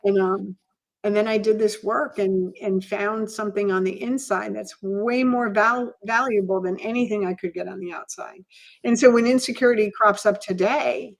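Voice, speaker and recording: A middle-aged woman co-hosting a podcast in an open, reflective conversation. She talks candidly and in a relaxed way, often filling her pauses with "you know". Her pitch sits in the middle range for a woman. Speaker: podcast co-host.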